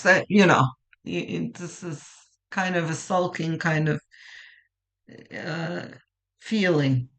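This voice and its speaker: Gravelly and mid-range, this voice belongs to a tarot reader guiding a pick-a-card reading. The tone is gentle and reassuring, with many restarts and lines that drift softly away.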